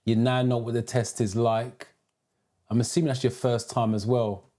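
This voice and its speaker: A man's voice: mid-range voice, level tone, moderate pace, warm tone. A British man who teaches driving theory, hosting a live stream: he greets viewers by name, reads out their comments and gives advice.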